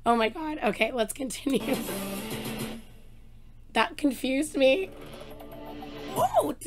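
A woman hosting a music reaction video, excitable and gushing, her voice a bit rough, talking at home. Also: high-pitched, slow pace. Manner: gushing, excitable, exclaims often. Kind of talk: casual reaction commentary. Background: faint song playing.

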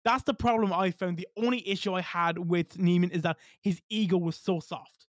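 A man's voice: high voice, steady tone, normal speed, no echo, clean studio sound. A man talking as a podcast guest in casual chat, blunt and emphatic, swearing freely.

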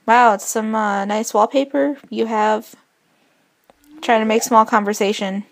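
A woman's voice: fairly high pitch, steady tone, a little slow, gravelly. A woman commenting casually as she plays a video game, with playful, wry asides. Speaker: let's play host. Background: faint game music.

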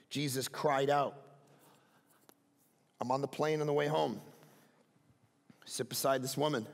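Animated high-voiced pastor with gravelly edge. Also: male voice, long reverb tail. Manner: animated, acts out dialogue in quick bursts. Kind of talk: sermon storytelling. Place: large church hall.

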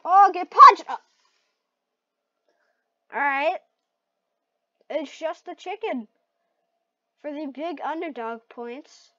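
A woman giving excited gameplay commentary, shrieking and laughing at close calls. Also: high-pitched, takes it slowly, pauses often. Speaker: gaming video host. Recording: dull lo-fi mic.

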